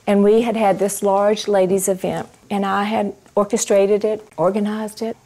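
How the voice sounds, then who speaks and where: A woman in the middle of her natural pitch range shares a personal testimony of faith with a live audience. Her storytelling is expressive, and she often turns to ask her listeners questions. At tender moments she drops into soft, hushed tones. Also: normal speed. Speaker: Christian ministry speaker.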